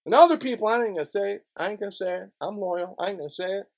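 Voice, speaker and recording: A man ranting angrily into the camera, swearing constantly and swinging between low mutters and loud outbursts. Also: racing, creaky. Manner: profane, swings from mutters to shouts. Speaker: video blogger. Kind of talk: angry ranting monologue.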